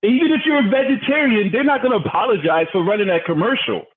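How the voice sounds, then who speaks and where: A man's voice: sits high, expressive, quick pace. A man leading a motivational business training call, fired up and preachy, often putting questions to his listeners. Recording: tinny phone-line audio.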